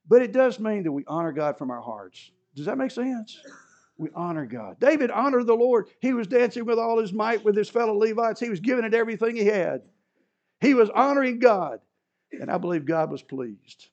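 Male pastor, high and lively, animated with chuckling asides; dull lo-fi sermon recording. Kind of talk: sermon with Bible reading.

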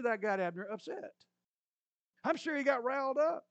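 A man with a high-pitched voice preaches, retelling a scripture story in a lively way and dropping in joking asides. The sound is dry, with no room echo, and a little dull and muffled. He paints each scene for his listeners. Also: fairly quick. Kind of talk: sermon retelling a Bible story.

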